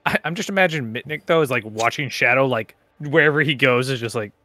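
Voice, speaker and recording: A man playing a tabletop game, making quick joking asides. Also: medium pitch, bright, forceful tone, dry recording. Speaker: player. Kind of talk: tabletop role-play.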